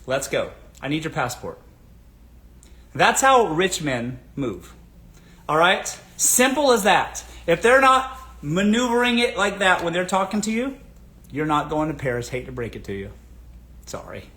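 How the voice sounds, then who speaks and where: A man's voice: sits high, big pitch swings, normal speed, sharp tone. A man hosting a casual advice livestream, speaking emphatically and repeating his catchphrases. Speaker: show host. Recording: roomy echo.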